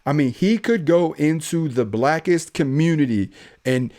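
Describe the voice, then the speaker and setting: Animated man from Ohio telling stories. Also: fairly high pitch, a little slow. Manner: animated, acts out voices in his stories. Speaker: police officer. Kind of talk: casual podcast storytelling.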